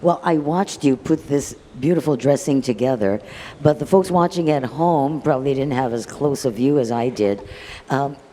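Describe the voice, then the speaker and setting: A woman's voice: very deep voice, normal speed, warm tone. A woman hosting a live cooking demo at a festival, upbeat and full of praise. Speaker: festival stage host. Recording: hall reverb, faint noise.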